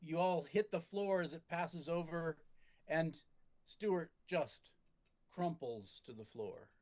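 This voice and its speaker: A man narrating a tabletop game as its game master, measured and halting, with frequent restarts. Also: on the high side, a little mellow.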